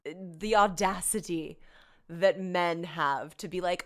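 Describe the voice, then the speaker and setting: A woman's voice: on the low side, takes it slowly, fairly bright tone. A young woman hosting a podcast, talking in a frank, emphatic way and swearing freely. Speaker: podcast host. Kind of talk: casual podcast talk.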